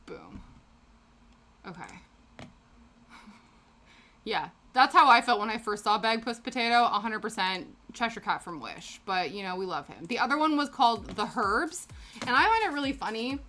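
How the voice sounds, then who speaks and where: A woman's voice: on the high side, animated, normal speed, long pauses, sharp tone. A British woman streaming a crafting session, chatting casually and reacting to her chat with frequent laughs. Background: faint background music.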